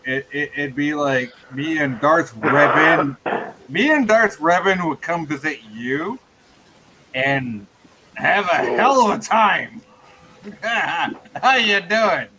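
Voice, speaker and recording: Bright-voiced joking man, live chat. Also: on the high side, slight background noise, rough recording. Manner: joking, teasing, laughs often. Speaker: show host. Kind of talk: casual chat.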